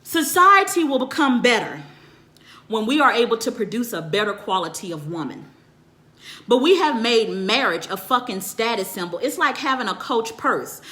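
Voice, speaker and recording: Woman, high voice, bright tone, swearing constantly, emphatic ranting vlog monologue. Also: expressive, moderate pace. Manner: answers viewers' comments live. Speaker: relationship counselor.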